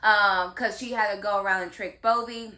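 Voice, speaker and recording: A woman's voice: medium pitch, moderate pace. A woman in casual chat, recapping a TV series and acting out the characters' lines. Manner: animated retelling with acted-out quotes. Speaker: drama recap co-host.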